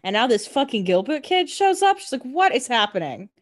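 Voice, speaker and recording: A woman's voice: fairly high pitch, sing-song, brisk. A young adult woman co-hosting a casual chat, adding wry, jokey asides with some swearing. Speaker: podcast co-host.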